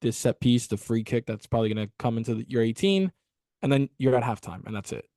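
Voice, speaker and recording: A laid-back man in his own mid-pitched voice, ribbing his co-host during a casual football podcast. The sound is dry and close to the mic. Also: fast talker, dark tone, no room sound.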